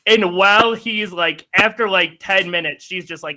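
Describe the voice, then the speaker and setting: High, bright man rambling on a podcast. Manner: rambling, halting, many restarts. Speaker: podcast co-host. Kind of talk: casual podcast chat.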